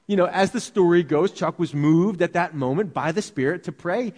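The voice belongs to a male pastor, sitting high with a darkish tone, preaching verse by verse in a conversational style. Rhetorical questions punctuate his sermon, and he slows to read scripture aloud.

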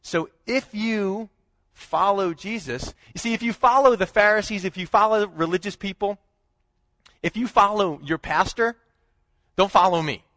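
A high-pitched man preaching a church sermon, rising to loud emphasis and then sinking low and quiet. The recording is dry and close, with almost no room sound. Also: moderate pace, dry recording. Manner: animated preaching, swinging between loud emphasis and low hushed lines. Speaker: pastor.

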